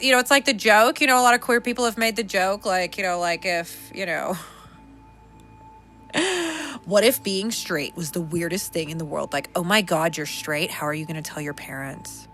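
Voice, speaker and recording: A young adult woman hosting a casual podcast, sassy and animated, laughing often. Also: a little high, moderate pace, faint music behind. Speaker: podcast host.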